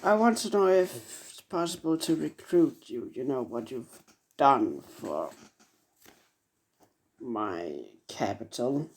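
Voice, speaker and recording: A man's voice: medium pitch, lively intonation, slow. A young man voicing a hesitant emperor. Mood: earnest. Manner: hesitant, filler-heavy. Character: plain-spoken male emperor recruiting.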